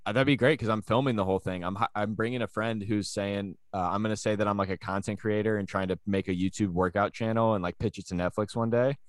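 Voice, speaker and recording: Low-voiced man in dry, rambling banter. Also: fairly even intonation, quick pace, hardly any pauses, no room sound. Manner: rambling, with frequent restarts and laughter. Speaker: comedian and podcast co-host. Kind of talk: casual banter.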